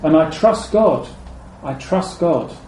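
A man with a high but warm, mellow voice gives a measured sermon. He repeats key phrases and lets them fall low and soft. The room is echoey, with faint ambient noise behind him. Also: expressive. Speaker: preacher.

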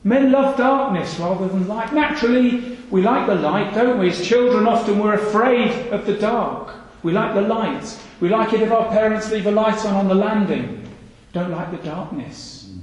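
A man's voice: high-pitched, moderate pace, hardly any pauses. A man preaching a sermon, earnest and full of rhetorical questions, repeating his phrases for emphasis. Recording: echoey hall reverb.

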